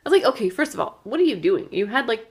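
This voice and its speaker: A woman's voice: a little high, very animated, rapid-fire, breathy edge. A woman co-hosting a casual film podcast, chatting about the plot in an easygoing way. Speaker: podcast co-host.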